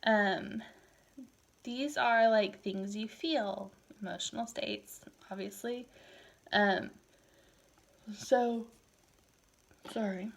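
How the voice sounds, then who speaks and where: A tired woman in her thirties teaching a recorded Spanish class, switching between English and Spanish in a relaxed, chatty way. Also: medium pitch, extremely slow, gravelly, pauses often. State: tired, yawning. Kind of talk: recorded lecture.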